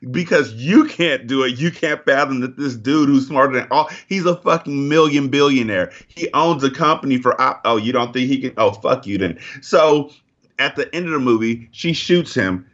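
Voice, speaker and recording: A man's voice: mid-range voice, moderate pace, a bit bright, highs cut off. Man ranting profanely about a movie. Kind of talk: casual movie review chat.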